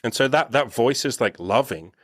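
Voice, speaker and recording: A man's voice: medium pitch, normal speed, dry recording. A young man with a mid-range voice, holding forth in a casual podcast chat. He talks bluntly, swears freely and acts out quoted voices with animation. The sound is dry and close. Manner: blunt, profane, animated storytelling. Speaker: dating coach and podcast host.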